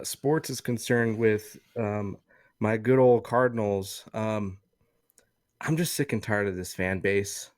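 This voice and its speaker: A man's voice: lowish voice, dry recording, clean studio sound. A man in his thirties, a podcast co-host telling a rambling, profane story in casual chat.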